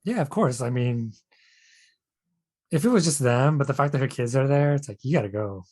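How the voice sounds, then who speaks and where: A man's voice: medium pitch, normal speed. A man co-hosting a podcast, talking casually and hesitantly about a reality show. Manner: relaxed, hesitant, many fillers. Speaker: podcast co-host. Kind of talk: casual reality-TV recap chat.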